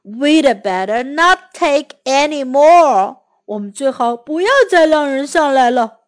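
A woman voicing a calm, generous male hippo who reassures the others, in a children's storybook reading. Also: high voice, unhurried. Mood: reassuring.

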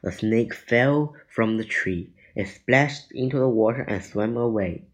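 A man reading a children's adventure book aloud, deliberate with small slips. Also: on the low side, poor audio. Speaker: reader.

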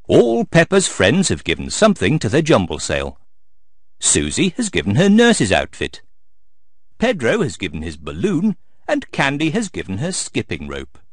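A man narrating a storybook aloud in an expressive, sing-song way. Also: medium pitch, normal speed, no room sound, studio quality.

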